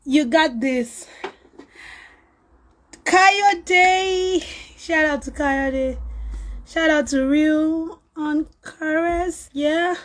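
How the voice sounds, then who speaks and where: Woman, live-stream host, slow and high, voice roughed up by a cold, chatty, shouts out viewers. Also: poor audio. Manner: chatty, greets viewers by name, laughs often. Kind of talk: casual live-stream chat.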